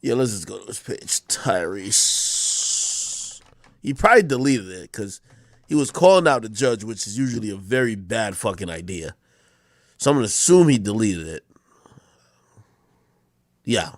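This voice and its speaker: A man's voice: on the low side, lively intonation, a little slow, pauses often, no echo. A man streaming, reacting to clips in a mocking, profane, casual commentary style.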